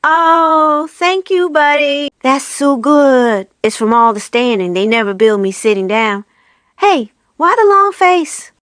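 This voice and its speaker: A woman voicing an awkward, gentle male snowman in a storybook reading, plaintive and chatty. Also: high voice, slow, no echo, studio quality, voice pushed up. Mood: relieved.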